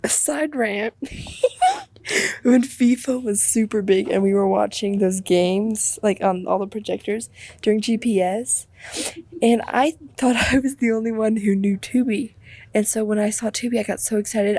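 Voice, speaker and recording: Husky, excitable teen girl co-host. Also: medium pitch, normal speed, dry recording. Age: teens. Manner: loud, excitable, laughing often. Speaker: student podcast co-host. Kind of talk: casual chat.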